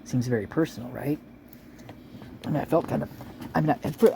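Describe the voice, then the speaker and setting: A woman talks in a loose, rambling way, trailing off and restarting as she reads local police reports aloud. Her voice has a gravelly, creaky texture. A steady hiss of noise runs under the recording. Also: very deep voice, a little fast. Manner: chatty, rambling, chewing while talking. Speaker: vlogger reading police reports. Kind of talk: casual rambling commentary.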